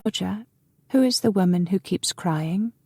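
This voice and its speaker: A woman voicing a frail young nobleman, soft-spoken and hesitant, in an audiobook. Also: mid-range voice, a little slow, slightly rough, dry recording, pitched above the performer's own voice. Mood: wistful. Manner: gentle, wistful, soft-spoken.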